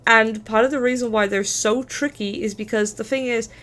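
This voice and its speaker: A woman hosts a relaxed streaming chat, talking in long, rambling stretches. Her speech is loose and informal, with the odd swear word. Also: a little high, normal speed, faint music behind. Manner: chatty, rambling, swears casually. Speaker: streamer host. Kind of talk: casual chat.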